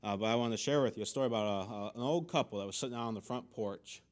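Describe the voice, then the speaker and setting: A man teaching a Bible study at church in a folksy, conversational way, pausing and restarting often, then leading a prayer and reading scripture. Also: fairly low pitch.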